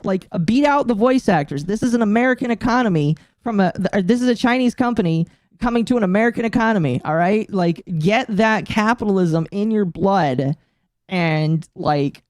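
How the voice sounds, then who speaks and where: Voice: medium pitch, normal speed, dry recording, clean studio sound. A streamer hosting a casual live stream, ranting with plenty of swearing and laughter. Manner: profane, animated ranting with frequent laughter. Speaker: streamer host.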